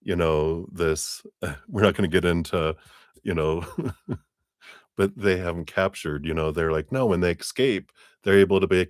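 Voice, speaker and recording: A man's voice: low voice, a little slow, dry recording, clean studio sound. A man giving a live tarot reading, rambling and chatty, often laughing at himself. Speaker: tarot reader.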